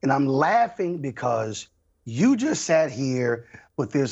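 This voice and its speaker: Husky, exasperated man on a dull line. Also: medium pitch, very animated, measured pace, darkish tone. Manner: exasperated, insistent, talks over others. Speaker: panel guest. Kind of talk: heated political debate.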